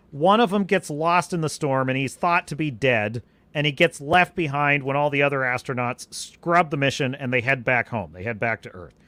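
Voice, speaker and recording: A man's voice: a little high, no echo. A man hosting a live stream, chatting in a rambling way and answering viewers' questions. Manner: animated, rambling, restarts sentences. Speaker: podcast host.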